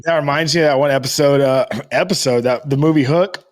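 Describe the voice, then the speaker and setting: Excitable high-voiced man co-hosting. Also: brisk. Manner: excitable, swears a lot, jumps into voices. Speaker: podcast co-host. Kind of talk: casual chat. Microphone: video call camera.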